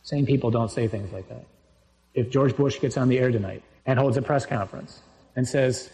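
A man preaching a sermon in a mellow, dark-toned voice of ordinary pitch. He reads scripture aloud and explains it in a conversational way. For emphasis his voice jumps suddenly in pitch and loudness. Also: normal speed, rough recording.

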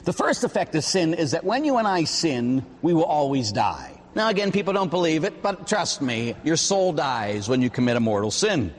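A man, a Catholic priest, preaching a sermon with animated, emphatic storytelling. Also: on the high side, moderate pace, few pauses, long reverb tail.

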